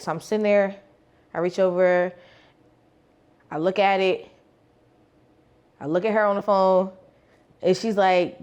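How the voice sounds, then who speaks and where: Animated young woman sharing a testimony. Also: medium pitch, unhurried, pauses often. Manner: animated, acts out quoted dialogue, casual slang. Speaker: faith vlogger and life coach. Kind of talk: personal testimony storytelling.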